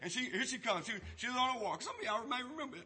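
A preacher tells a folksy story in his sermon and rises to loud, emphatic points in the church. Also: very high-pitched, expressive, fast talker, big-room sound, crowd noise. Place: church sanctuary.

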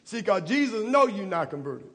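A man preaching a sermon in a church, impassioned and rising to shouts. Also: high voice, big pitch swings, moderate pace, husky. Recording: long reverb of a church hall.

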